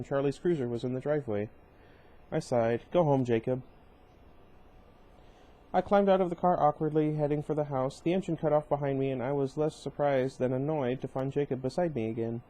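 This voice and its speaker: A man's voice: medium pitch, warm tone, low-quality recording. A man reading a novel aloud in a casual way, stopping now and then to comment and correct himself. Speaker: reader of a novel. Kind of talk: casual read-aloud with asides.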